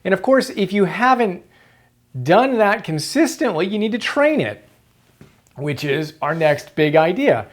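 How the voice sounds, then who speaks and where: A man's voice: high voice, very animated, unhurried. A man hosting a motivational book-summary video, earnest and emphatic, repeating key phrases for stress.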